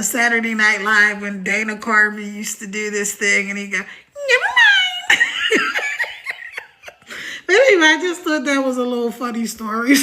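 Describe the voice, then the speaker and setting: A chatty woman hosts a casual live stream, speaking in a slightly higher than usual voice. She talks in an animated way, tells stories with bursts of laughter and greets viewers by name.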